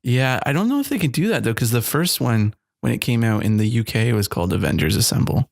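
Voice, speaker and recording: Gravelly low-voiced guy rambling on a podcast, dry close mic. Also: lively intonation, quick pace, no echo. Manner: rambling, laughs often. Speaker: podcast co-host. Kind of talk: casual chat. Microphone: studio mic.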